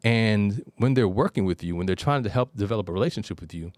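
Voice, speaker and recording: Low-voiced man hosting an advice show. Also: quick pace, darkish tone, no room sound. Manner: conversational storyteller, digressive. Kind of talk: casual call-in advice talk.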